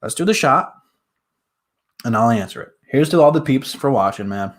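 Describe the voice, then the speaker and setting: Young male sports streamer from the Detroit area, hyped and chatty, mid-pitched voice, casual live talk. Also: expressive, moderate pace. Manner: hyped, talks straight to viewers with fillers.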